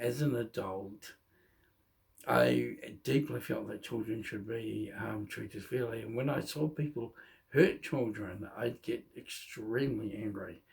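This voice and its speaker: A middle-aged man telling his own life story in a candid, halting way, often restarting his sentences. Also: medium pitch, creaky, darkish tone. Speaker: vlogger. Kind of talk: personal storytelling monologue.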